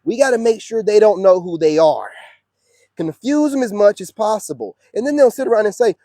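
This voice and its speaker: Man for a preachy, slangy rant. Mellow tone, dry close mic. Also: high voice, lively intonation, a little fast, dry recording. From United States. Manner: preachy, heated, slangy, repeats "you know what I'm saying". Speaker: online commentator. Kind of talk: ranting monologue.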